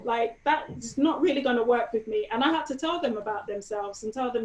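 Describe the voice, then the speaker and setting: Animated woman in an echoey room. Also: a little high, moderate pace, hardly any pauses. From Nigeria. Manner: animated storytelling with frequent "you know". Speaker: guest. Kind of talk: conversational interview.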